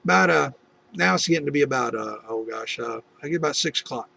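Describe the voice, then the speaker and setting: Gravelly middle-aged man telling a story. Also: mid-range voice, animated, fast talker, bright, forceful tone. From United States. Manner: rambling, with many restarts and asides. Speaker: video testimony host. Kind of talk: personal faith testimony storytelling.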